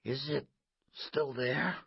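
A man's voice: mid-range voice, slow pace, gravelly, husky, dry recording, pitched above the performer's own voice, heavily acted. A man voicing an anxious, pleading twelve-year-old boy in a storybook reading, slightly muffled recording.

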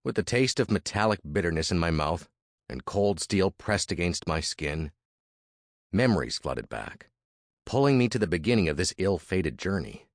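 A man's voice: deep voice, very animated, moderate pace, dry recording, clean studio sound. A man reading a first-person historical story as narrator, with dramatic, vivid storytelling.

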